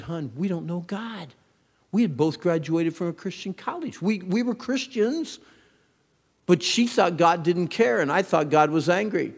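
Gravelly preacher in a reverberant hall. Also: male voice, mid-range voice. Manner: dramatic preaching, swings from hushed to loud. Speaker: pastor and youth counselor. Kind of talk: sermon.

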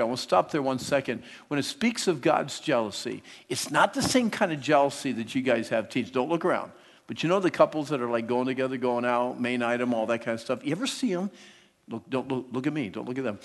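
A man preaching a sermon to teenagers, swinging between hushed, close talk and loud, animated stretches. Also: mid-range voice. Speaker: youth speaker. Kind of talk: sermon to teens. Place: large hall. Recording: long hall reverb.

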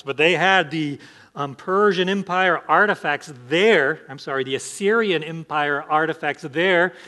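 A man's voice: mid-range voice, sharp tone. A man pastor preaching an emphatic sermon, asking the congregation rhetorical questions.

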